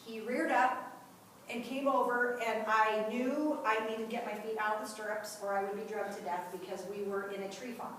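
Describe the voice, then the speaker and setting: A woman with a fairly high, somewhat bright voice shares her personal testimony as a guest speaker for a mothers' group, vividly performing the voices of the people involved. She talks at a moderate pace with fairly even intonation, sounding distant in an echoey room with a little hiss or hum.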